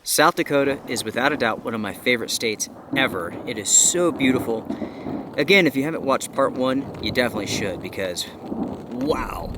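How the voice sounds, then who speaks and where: Huddled under a tarp in a forest during heavy rain, a breathless man talks straight to his viewers in a casual camping vlog. His medium-pitched voice is animated and upbeat at a normal speed, and loud rain noise fills the outdoor recording.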